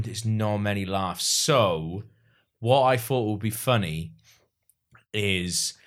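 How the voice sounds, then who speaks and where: A man's voice: fairly low pitch, a bit bright. A man hosting a podcast, chatting casually in a rambling, hesitant way with frequent laughs. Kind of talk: casual comedy chat.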